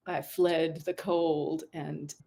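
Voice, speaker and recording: A woman's voice: deep voice, level tone, very slow, vocal fry, dark tone. Middle-aged american woman chatting as a guest, laughs a lot, cuts herself off and restarts. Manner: chatty, laughing, self-interrupting. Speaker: guest author. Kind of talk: casual conversation.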